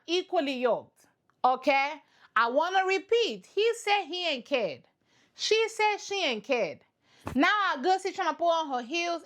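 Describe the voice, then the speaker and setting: Woman reaction vlogger, high voice, lively and playful. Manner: animated, playful, repeats herself for effect. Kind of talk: casual reaction commentary.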